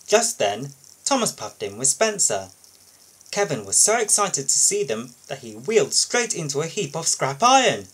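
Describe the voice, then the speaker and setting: Man, children's storybook narration, sing-song, very lively pitch, husky. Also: normal speed, low-quality recording. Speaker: storybook reader. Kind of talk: children's storybook read-aloud.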